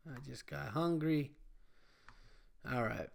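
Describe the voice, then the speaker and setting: A man's voice: medium pitch, takes it slowly, gravelly. A man hosting his own podcast, talking alone in a loose, profane, rambling and jokey way. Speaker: podcast host. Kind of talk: casual solo podcast monologue.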